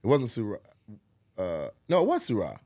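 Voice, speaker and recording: A man with a lowish voice speaks at a moderate pace, and the recording is dry with clean studio sound. As a podcast co-host he tells an animated story in casual chat, performing what people said with lots of profanity.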